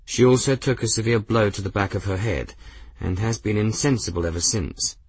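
A man's voice: on the low side, a little fast, slightly rough, no room sound. A man voicing a weary young male warrior bodyguard in an audiobook, wooden and plain-spoken. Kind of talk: audiobook character reading.

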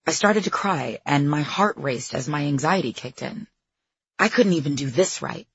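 A woman's voice: low voice, animated, moderate pace, fairly bright tone, breathy edge, highs cut off. A woman narrating her own memoir as an audiobook, candid and self-deprecating.

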